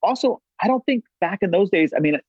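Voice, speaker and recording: A man's voice: high voice, expressive, fairly quick, husky, no room sound. A man in his forties, a podcast guest, telling loose, rambling stories with lots of "like" and free swearing. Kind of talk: casual storytelling chat. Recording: dull, dry lo-fi audio.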